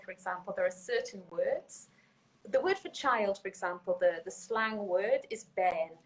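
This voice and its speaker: A woman's voice: medium pitch, poor audio. A woman from Newcastle, England, talking in a casual interview over a video call, chatty and laughing often, with many fillers. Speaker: writer interviewed as guest.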